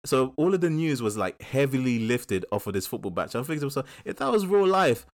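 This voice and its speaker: A man's voice: medium pitch, a little fast. A man with a South East London accent, co-hosting a casual film review chat and acting out little quotes as he retells the plot. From England. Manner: animated storyteller, acts out quotes. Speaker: film podcast co-host.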